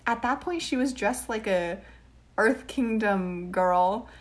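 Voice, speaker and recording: Animated, swearing young woman podcaster. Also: mid-range voice, slow pace. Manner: animated, swears freely, dramatic quote impressions. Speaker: podcast co-host. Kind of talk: casual chat.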